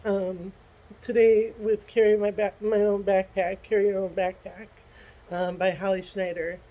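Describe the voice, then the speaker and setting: A tearful middle-aged woman talking haltingly through a personal video diary, with many pauses and restarts. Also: mid-range voice, little pitch movement, dark tone, lo-fi sound. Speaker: vlogger.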